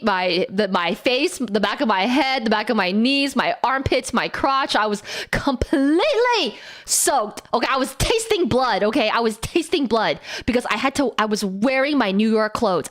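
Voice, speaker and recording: A woman's voice: on the high side, moderate pace. A young woman streamer telling a story in casual, profane talk, with frequent laughter. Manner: animated, profane, laughs often.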